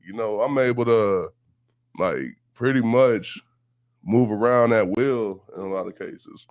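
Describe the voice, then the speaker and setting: A man's voice: on the low side, measured pace, no echo. A man from Houston with a Southern accent, telling stories in a laid-back, profane interview chat and laughing often. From Houston, Texas. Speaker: guest. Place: radio station studio.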